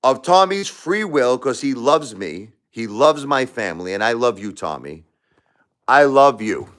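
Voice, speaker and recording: A man hosting a casual livestream, talking emphatically and repeating himself, swinging between loud and quiet. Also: mid-range voice, big pitch swings, unhurried. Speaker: livestream host.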